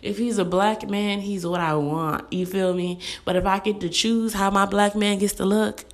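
A young woman talks straight to her audience in a blunt, animated rant. She speeds through her points and acts out little quoted asides. Her voice sits at an ordinary middle pitch for a woman. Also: moderate pace. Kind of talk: casual rant to camera.

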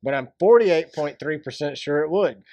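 A man's voice: fairly high pitch, lively intonation, normal speed, a little mellow, no room sound. A man co-hosting a casual sports podcast, joking and rambling about races. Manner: joking, rambling, breaks into silly voices. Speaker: podcast co-host. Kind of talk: casual chat.

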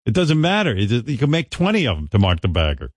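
A man's voice: mid-range voice, wildly swooping pitch, fast, no room sound, clean studio sound. Blunt teasing male radio host. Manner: blunt, teasing, laughing often. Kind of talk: casual radio banter.

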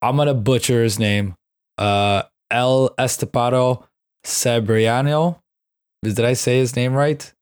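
Man, podcast co-host, emphatic, mid pitch, dry sound. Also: fairly even intonation, slow, clear, resonant tone, no room sound. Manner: gushing, emphatic praise. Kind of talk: casual chat.

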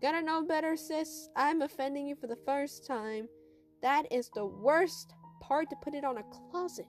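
A woman's voice: sits high, moderate pace, soft background music, natural voice. A woman voicing a teasing brother who mocks his sister in a sing-song way. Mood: mocking.

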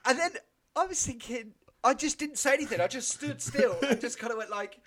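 A man's voice: extremely high pitch, lively intonation, a little fast, crowd noise. A man co-hosting a podcast, telling a rambling story with lots of swearing and laughter. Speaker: podcast co-host. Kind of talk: casual chat.

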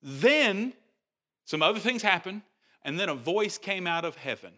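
A male pastor preaching with a bright, forceful voice. He talks in a loose, conversational way, backing up to rephrase, and pushes higher and louder when something excites him. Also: measured pace. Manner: animated, conversational preaching with restarts and rising emphasis. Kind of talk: sermon.

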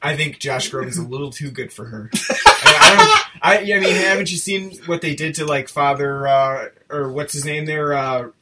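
A man's voice: on the high side, big pitch swings, normal speed, distant mic, very noisy. A man co-hosting a casual movie review chat, rambling and self-interrupting as he talks, often laughing. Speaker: podcast co-host.

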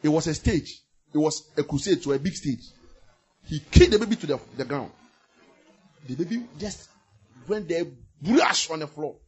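Male pastor, impassioned sermon; slightly raised pitch, very lively delivery with sudden loud bursts. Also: moderate pace, pauses often, breathy edge. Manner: impassioned, swings from loud bursts to near murmurs; repeats phrases for emphasis.

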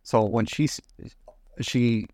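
A man's voice: medium pitch, takes it slowly, darkish tone. Laid-back guy hosting a podcast, asking questions casually. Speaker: podcast host. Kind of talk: casual interview.

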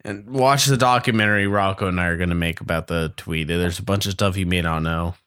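A man's voice: deep voice, fairly quick, a bit bright, smooth. A man chatting on a comedy podcast, joking and swearing, with frequent restarts. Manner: jokey, swears, stumbles and restarts. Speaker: podcast guest. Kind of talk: casual comedic banter.

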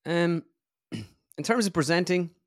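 A man's voice: on the high side, lively intonation, takes it slowly, no echo, clean studio sound. A young Irish man from the Midlands, a comedian being interviewed casually, who runs his sentences together with many fillers. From Ireland. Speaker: comedian and impressionist, guest.

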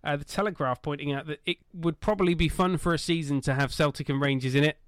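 A man co-hosting a casual football podcast, talking animatedly with loud bursts, swearing and laughing at his own jokes. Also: fairly high pitch, fast, no room sound, studio quality. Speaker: podcast co-host.

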